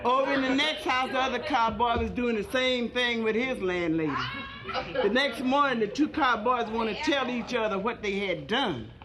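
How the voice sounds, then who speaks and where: A woman's voice: on the high side, normal speed, a crowd in the background, poor audio. A woman stand-up comedian telling bawdy jokes in an earthy, sassy manner. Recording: live club recording with loud audience. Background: audience laughing.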